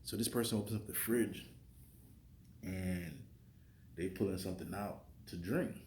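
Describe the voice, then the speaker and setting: A man's voice: sits low, measured pace, darkish tone. A man casually telling the story of a dream, acting out his own lines and dropping into whispers. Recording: echoey room with faint noise.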